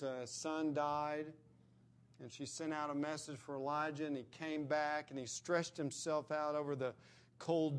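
Man, preacher, slightly high-pitched, earnest, emphatic sermon delivery. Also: smooth.

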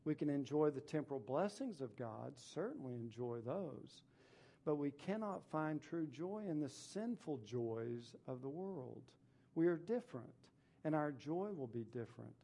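A man's voice: mid-range voice, vocal fry, mellow. A man preaching a sermon, reading scripture verses aloud and explaining them, stressing points by repeating phrases. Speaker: pastor.

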